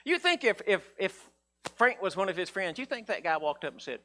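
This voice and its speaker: A man's voice: high voice, brisk. A male pastor preaching a folksy sermon, acting out the characters' voices. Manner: folksy, animated, acts out voices of Bible characters.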